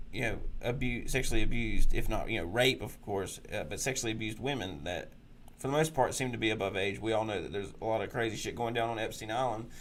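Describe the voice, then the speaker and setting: A man's voice: mid-range voice, fairly bright tone. Man, podcast host, ranting, crude, mocking, faint background noise. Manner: crude, mocking, breaks into sneering mimicry. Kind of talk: ranting political commentary.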